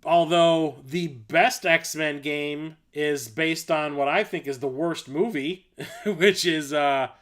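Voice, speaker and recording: A man's voice: a little high, a bit bright. A man hosting a casual livestream, rambling enthusiastically through his collection with fillers, self-corrections and blunt, mildly profane remarks. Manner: blunt and casual, with mild swearing. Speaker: livestream host showing his game collection.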